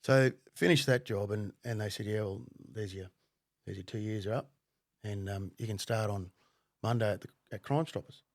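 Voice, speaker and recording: Guest: Australian man, gravelly and blunt, profane storyteller, dry close mic. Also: lowish voice, fairly even intonation, normal speed, dry recording. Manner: profane, blunt, laughs often. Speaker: podcast guest, former undercover cop. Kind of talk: casual storytelling.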